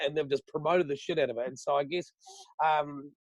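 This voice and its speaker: A man's voice: on the high side, fast, darkish tone, no echo. A man with a New Zealand accent, a radio host guesting on a podcast, chatting casually and swearing freely as he rambles. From New Zealand, Southland. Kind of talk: casual chat.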